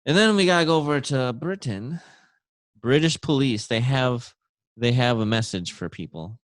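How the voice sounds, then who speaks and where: Man, podcast host, casual news reading, joking, mid pitch, dry close sound. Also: animated, normal speed, no echo. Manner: reads news aloud, laughs, breaks into jokey put-on voices.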